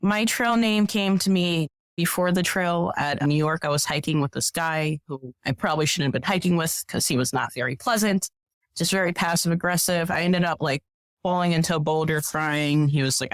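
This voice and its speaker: A woman guest on a podcast telling stories in a casual, animated way, acting out what people said. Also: deep voice, moderate pace, no room sound. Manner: animated, acts out quoted voices. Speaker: podcast guest, professional hiker. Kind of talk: casual storytelling.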